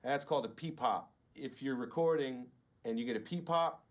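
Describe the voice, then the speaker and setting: A man's voice: medium pitch, a little fast. Man demonstrating mic technique. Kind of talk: interview demonstration.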